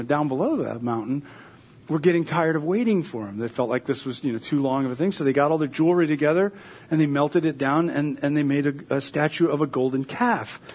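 A man's voice: a little high, darkish tone, slightly rough. A male pastor giving a casual, conversational sermon, retelling scripture as a story with fillers and playful asides.

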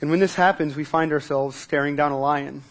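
A man preaching a sermon in a relaxed, conversational way at a church service, repeating words as he starts sentences and asking the congregation questions. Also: on the high side, fairly quick. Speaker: pastor.

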